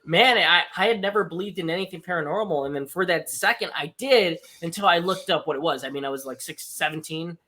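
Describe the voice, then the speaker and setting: A man's voice: fairly high pitch, fast, hardly any pauses. A young man co-hosting a podcast, telling a personal story in casual chat, swearing often and restarting lines. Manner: animated, swears often, many fillers and restarts. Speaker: podcast co-host.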